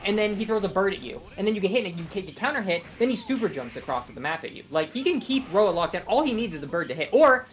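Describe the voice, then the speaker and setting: A game commentator talking fast over a live match, words tumbling out as he argues about matchups. The delivery is loose, profane and animated. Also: mid-range voice. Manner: fast, animated, swears freely. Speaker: tournament commentator.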